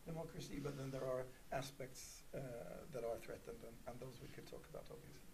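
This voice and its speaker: Mellow man thinking aloud hesitantly. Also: mid-range voice, brisk, creaky, slight background noise, rough recording. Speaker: panelist. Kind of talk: panel discussion.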